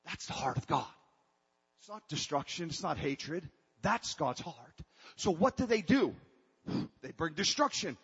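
Husky high-voiced male preacher. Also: sing-song, unhurried. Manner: call-and-response preaching that builds to shouting. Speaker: pastor. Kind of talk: sermon. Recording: reverberant hall, dull lo-fi sound.

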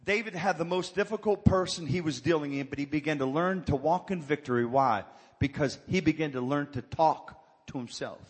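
A man's voice: fairly high pitch, moderate pace, husky, in a large hall. A male pastor preaching a sermon, calling for amens and building to fervent exhortation. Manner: call-and-response preaching, rising to fervent exhortation.

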